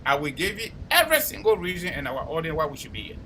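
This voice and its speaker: A man with a Liberian accent hosting a call-in talk show, speaking forcefully and combatively, often repeating words as he presses his point. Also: on the high side, wildly swooping pitch, quick pace, slight background noise, rough recording.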